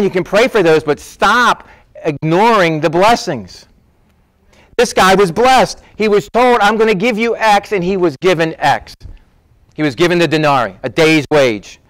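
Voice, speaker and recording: A man's voice: high-pitched, a bit bright, no room sound. A middle-aged man preaching a conversational sermon, acting out the voices of people in his stories. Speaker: pastor.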